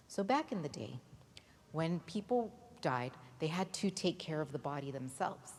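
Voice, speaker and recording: A woman telling a Bible story to children at a church holiday Bible school, lively and often asking the kids questions. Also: low-pitched, moderate pace. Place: church hall. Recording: reverberant hall, faint noise.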